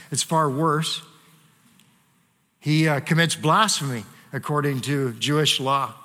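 Man, pastor, sermon, conversational with fillers, slightly high voice, long hall reverb. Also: pushed and bright. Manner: conversational, frequent "you know" and fillers.

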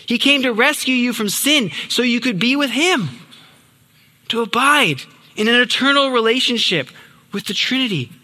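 A young man delivers a sermon with earnest emphasis, letting key words drop low and quiet. His voice sits fairly high and sounds very bright and forceful. It carries a long, reverberant hall tail. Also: animated, moderate pace. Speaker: preacher.

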